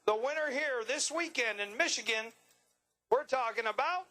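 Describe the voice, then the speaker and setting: A man's voice: extremely high pitch, moderate pace, bright, forceful tone, rough recording. A man announcing and interviewing racers in a drag strip winner's circle, joking and bantering with brash energy. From Long Island, New York. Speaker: track announcer.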